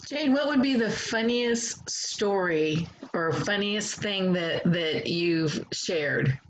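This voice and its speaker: A woman's voice: medium pitch, expressive, slow pace, slight background noise, poor audio. A woman host asking a guest a question on a call. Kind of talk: interview question.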